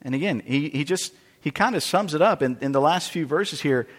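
High, lively male preacher in a hall. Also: brisk. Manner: expository preaching, repeats words and restarts phrases. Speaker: pastor. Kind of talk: sermon. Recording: long reverb of a large hall.

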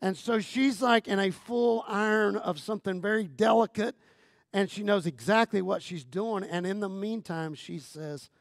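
A man preaching a sermon as guest pastor, talking in a humorous, conversational way with lots of repetition, going from loud emphatic lines down to near-quiet phrases. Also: sits high, moderate pace, gravelly, no echo, studio quality. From Texas.

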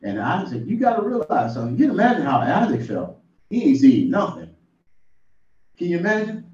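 A man's voice: fairly high pitch, sing-song, fairly quick, darkish tone. A man preaching an informal sermon in a folksy storytelling way, building up to exclamations. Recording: distant, echoey, muffled room recording.

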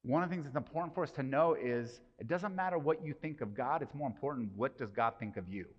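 A man's voice: mid-range voice, fast. A man preaching a sermon in a casual, conversational way, asking the congregation rhetorical questions. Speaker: pastor. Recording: dull sound with long hall reverb.

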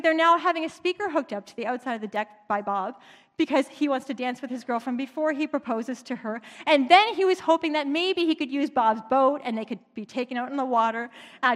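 Lady preacher, high voice, chatty story-style sermon, lots of hall echo. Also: brisk, a bit bright. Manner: chatty, conversational retelling. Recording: long reverb in a large hall.

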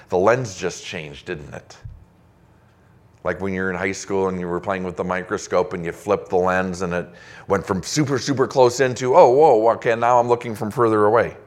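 A man's voice: low voice, moderate pace, pauses often. A male pastor preaching a sermon, reading scripture aloud in an emphatic, conversational way.

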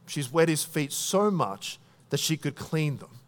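A man preaching a sermon, retelling a story with lively voiced thoughts and dropping soft at the moving parts. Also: on the high side, moderate pace, hardly any pauses.

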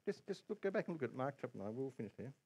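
A man preaches from the pulpit, telling a personal story with animated asides and quoted voices. His voice sits in the middle range for a man. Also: medium pitch, very fast. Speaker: pastor. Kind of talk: sermon.

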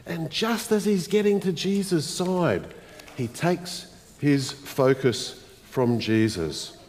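Slow, reflective man preaching in a reverberant church. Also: fairly high pitch, a little mellow, slight background noise. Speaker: pastor. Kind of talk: sermon. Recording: long reverb of a church hall.

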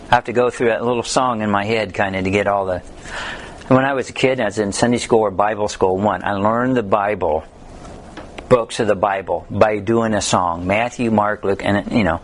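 A man's voice: on the low side, slight background noise. A man teaching a Bible study in a conversational way, telling humorous stories and reading scripture aloud.

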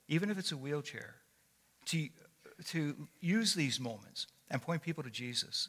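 A man's voice: on the high side, expressive, moderate pace, fairly bright tone. An older man giving a sermon as a guest speaker. He tells stories in a conversational way with frequent fillers and restarts. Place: church sanctuary. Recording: long echo of a large hall.

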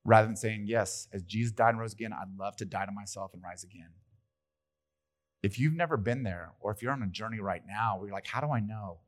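A male pastor preaching a sermon in a church, talking in a lively, conversational way with playful asides. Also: fairly low pitch, a little fast. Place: church hall.

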